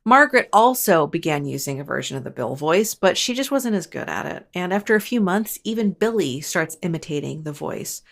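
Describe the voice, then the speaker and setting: A woman hosting a paranormal storytelling show, narrating casually and chattily with wry asides and quick self-corrections. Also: lowish voice, expressive, gravelly. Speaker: host of a paranormal storytelling channel.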